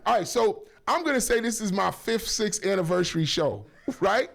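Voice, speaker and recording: A man hosting a casual talk radio show, rambling and joking with lots of shout-outs and self-corrections, on a studio microphone. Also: high-pitched, lively intonation, moderate pace, vocal fry.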